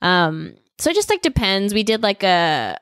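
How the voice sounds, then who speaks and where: A woman's voice: mid-range voice, big pitch swings, moderate pace, fairly bright tone, no echo, studio quality. A young woman from California, a guest actor and comedian, chatting casually and rambling with lots of filler words. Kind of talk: casual interview chat.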